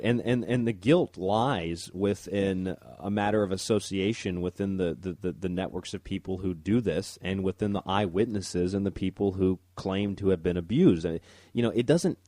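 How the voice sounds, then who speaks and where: A man's voice: deep voice, warm tone, dry recording, clean studio sound. A man hosting a talk radio show, rambling and stumbling over his words as he comments. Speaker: radio host.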